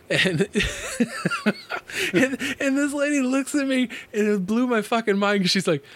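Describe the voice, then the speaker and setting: A man in his thirties hosting a podcast, telling stories in a casual, animated way, laughing often and swearing freely. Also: sits high, a little slow. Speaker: podcast host.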